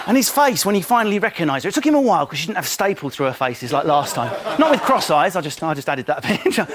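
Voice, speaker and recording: High animated comic man. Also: a crowd in the background. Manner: mocking, quick, mimics people in silly voices. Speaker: comic panellist. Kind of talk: comedy monologue on a live studio show. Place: TV studio with live audience. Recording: loud studio audience laughing.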